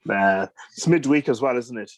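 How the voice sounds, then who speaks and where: A man's voice: mid-range voice, animated, moderate pace. A man, a guest on a casual chat, laid-back and chipping in short remarks. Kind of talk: casual banter.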